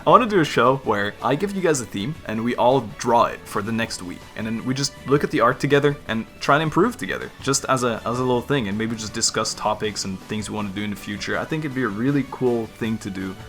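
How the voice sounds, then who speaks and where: A man's voice: medium pitch, expressive, fast talker, few pauses, a bit bright, faint music behind. A man from the Netherlands, a YouTuber answering viewer questions in a casual chat, laughing easily and poking fun at himself. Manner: chatty, laughs easily, self-deprecating.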